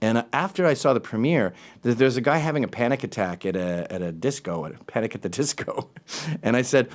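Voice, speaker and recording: A man hosting a talk show, ranting in an animated, sarcastic way, jumping between loud remarks and muttered asides. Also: medium pitch, fast talker. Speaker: show host. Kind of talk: opinionated talk-show rant.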